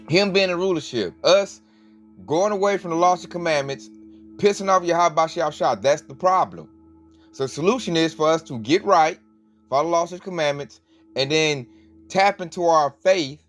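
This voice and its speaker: A man giving emphatic, colloquial commentary with a preaching edge, often breaking into laughs. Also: fairly high pitch. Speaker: religious commentator.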